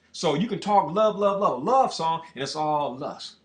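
A man's voice: sits high, lively intonation, fairly quick, hardly any pauses. A man hosting a show who rants in a brash, boastful and profane monologue. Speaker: show host. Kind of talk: ranting monologue. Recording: echoey room.

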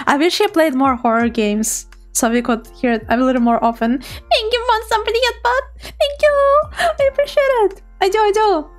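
A very high-pitched woman streaming as a VTuber, chatting casually with her viewers. She is bubbly and giggly and teases playfully as she greets people. Soft music plays faintly behind her.

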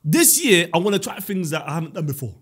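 Husky, higher-voiced podcast host spinning animated comic stories to his mates. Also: racing. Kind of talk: casual chat.

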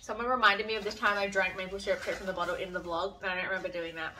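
A woman, chatting softly in a home vlog, reading fan mail, a little emotional with a runny nose, with sudden bursts of excitement. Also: medium pitch, very fast. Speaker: vlogger. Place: home studio, indoors. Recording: distant mic, faint background noise.

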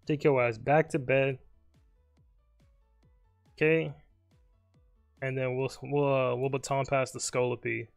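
Faint music plays as a young man with a mid-range, level, creaky voice comments on the game he's streaming live. He jokes, talks to his opponent, and mutters quickly under his breath.

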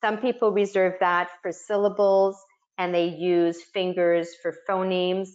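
Woman, webinar facilitator, explanatory, lowish pitch, dull lo-fi call audio. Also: level tone, a little slow, darkish tone. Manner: practical, explanatory, modeling words for children. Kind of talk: instructional webinar talk.

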